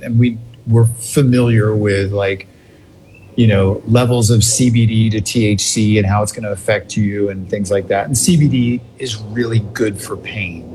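A man telling a funny family story in a casual, animated way, laughing often. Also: on the low side, a little hiss or hum.

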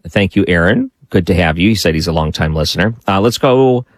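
A man hosting a late-night call-in radio talk show, chatty and musing out loud as he takes calls. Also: low-pitched, expressive, fairly quick, dry recording.

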